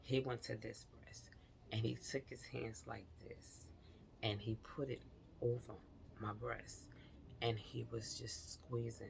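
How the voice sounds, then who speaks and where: A woman's voice: very deep voice, little pitch movement, slow pace, creaky, background noise. A woman vlogger recounting a personal experience to her viewers, earnest and confiding, talking straight to them.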